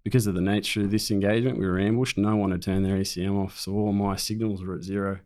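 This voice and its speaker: A man's voice: fairly low pitch, steady tone, quick pace, darkish tone. A man, a military veteran, bluntly recounting a combat ambush in conversation and swearing freely.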